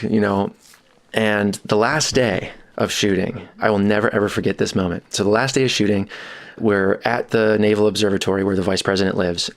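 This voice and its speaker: Lowish-voiced man telling an animated story. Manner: animated, jumps into higher-pitched voices for quotes. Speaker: boom operator and sound mixer guest. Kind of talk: casual storytelling anecdote.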